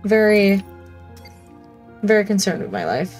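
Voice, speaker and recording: A woman's voice: medium pitch, very animated, a little slow, a little mellow, faint music behind. A woman hosting a gaming channel, talking to herself as she plays, humming, reading in-game text aloud and laughing at her own scares. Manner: chatty, talks to herself, hums and reads aloud; easily startled, laughs at herself. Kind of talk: let's-play commentary.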